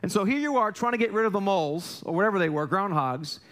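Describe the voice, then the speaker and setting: Chatty pastor with a higher voice. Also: male voice, animated, fast, a bit bright. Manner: conversational, self-deprecating, jokey storytelling; frequent restarts and rhetorical questions to the congregation. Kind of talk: sermon. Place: church sanctuary.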